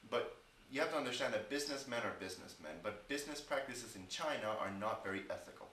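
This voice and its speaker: A man's voice: mid-range voice, animated, fast, bright, forceful tone, far from the mic, slight background noise. A man chatting casually in a rambling vlog, with stretches of frustrated ranting. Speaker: English teacher vlogger. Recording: echoey room, off-mic at times.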